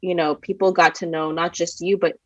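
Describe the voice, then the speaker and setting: A woman co-hosts a casual podcast chat in a slightly low voice. She rambles with enthusiasm and fills her talk with "like." The sound is dry and a little dull. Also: level tone, fairly quick, no room sound. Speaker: podcast co-host.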